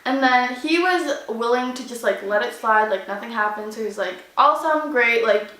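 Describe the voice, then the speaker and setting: A young Canadian woman vlogger telling a story loudly and animatedly, acting out each moment with lots of "like"s. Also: fairly high pitch, brisk, roomy sound, low-quality recording. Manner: loud, animated, dramatic retelling with many "like"s. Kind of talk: casual storytime.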